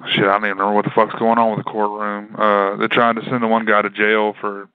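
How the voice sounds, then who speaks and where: A relaxed man chatting about films, easygoing and laughing often. His voice is smooth and clear at a middle pitch. It comes through dry and narrow, like a phone call. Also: fast, dry recording. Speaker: podcast co-host. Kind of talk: casual movie chat. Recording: dry, phone-like band-limited sound.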